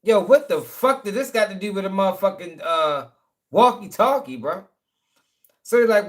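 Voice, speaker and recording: A man's voice: high-pitched, expressive, moderate pace. A man telling a long, rambling story in casual talk, full of swearing and check-ins with his listeners. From Baltimore, USA.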